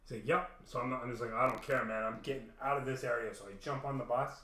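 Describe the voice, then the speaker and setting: A man's voice: medium pitch, steady tone, fast talker, pushed and bright. Profane rambling man, echoey room. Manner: profane, rambling, acts out quoted dialogue. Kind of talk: casual storytelling monologue. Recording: echoey room, mic at a distance.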